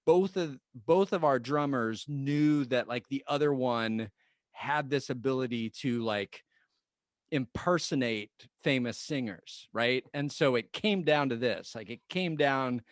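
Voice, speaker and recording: Animated middle-aged man telling a band story. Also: mid-range voice, unhurried, no room sound, studio quality. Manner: animated, repeats words, laughs often. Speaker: podcast co-host, band member. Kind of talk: casual storytelling chat.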